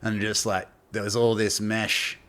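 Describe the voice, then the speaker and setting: Low-voiced man, rambling and swearing. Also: level tone, measured pace, a bit bright. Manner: rambling, swearing, laughing, heavy slang. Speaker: podcast guest. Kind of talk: casual storytelling.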